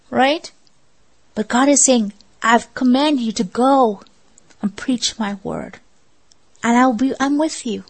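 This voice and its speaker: A woman's voice: a little high, slow, pauses often, breathy edge, rough recording. Earnest woman preaching a sermon. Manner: earnest, exhorting, with rhetorical questions.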